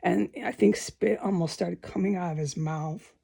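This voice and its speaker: A vlogger with a lowish, gravelly, mellow voice and a breathy edge speaks at normal speed. She gives an emotional first-person account of a frightening confrontation, repeating herself, swearing, and acting out what people said.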